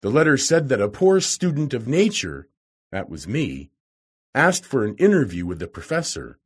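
Male narrator for a storybook; husky, mid pitch, very lively intonation. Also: normal speed. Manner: expressive, acts out each character. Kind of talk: storybook reading.

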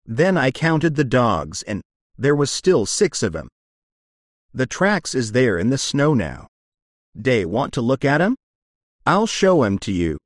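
A man voicing an uneasy, rough frontier dog-musher with drawling backwoods speech, slow and deliberate, in a dry close recording. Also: medium pitch, big pitch swings, no room sound. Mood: brooding.

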